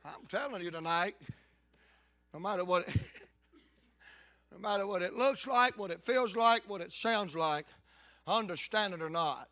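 High bright-voiced preacher. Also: male voice, measured pace, pauses often, no echo. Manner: fervent preaching with sudden loud outbursts. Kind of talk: revival sermon.

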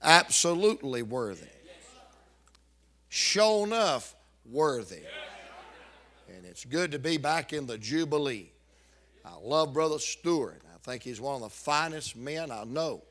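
A male preacher, delivering a revival sermon with emphatic, drawn-out repetition and joking asides. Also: medium pitch, big pitch swings, fairly bright tone.

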